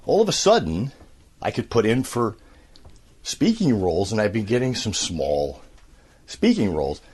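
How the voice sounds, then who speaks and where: A man in his fifties, a voice actor, telling stories in a casual interview with an animated, filler-laden manner. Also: on the low side, moderate pace, breathy edge. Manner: animated storyteller, many fillers. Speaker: voice actor, guest.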